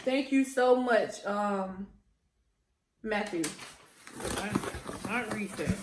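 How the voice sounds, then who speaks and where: Excitable woman vlogging in an echoey room. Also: fairly high pitch, slow pace, long pauses, a little hiss or hum. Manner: goofy, excitable, emotional, jokey. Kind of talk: casual unboxing vlog.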